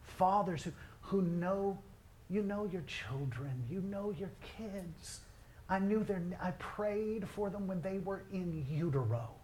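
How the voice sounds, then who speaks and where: A middle-aged male pastor preaching a sermon, telling family stories in a lively way. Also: fairly high pitch, a little hiss or hum. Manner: storytelling, animated, quoting others in his own voice.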